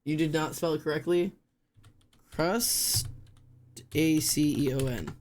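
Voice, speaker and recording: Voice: mid-range voice, slow, a little mellow. A streamer casually thinking aloud during a live word-guessing game, spelling words out letter by letter and poking fun at themself.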